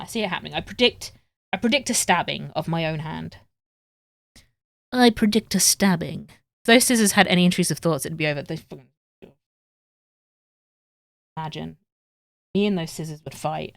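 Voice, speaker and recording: A woman chats on a craft stream, swearing freely and poking fun at herself. Her voice sits a little low. The sound is dry and close. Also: gravelly, no room sound. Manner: chatty, self-mocking and swearing. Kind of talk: casual live-stream chat while crafting.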